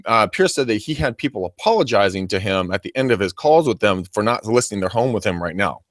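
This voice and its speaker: Animated man chatting about sales calls. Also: on the low side, fast talker, dry recording, studio quality. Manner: animated, acts out sample phone calls. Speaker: real estate agent. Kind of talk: casual video chat. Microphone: video call.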